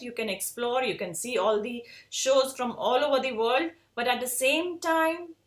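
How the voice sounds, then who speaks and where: A woman with an Indian English accent and a slightly high, somewhat bright voice gives an earnest, emphatic motivational talk to design students as an educator. The recording has a roomy sound.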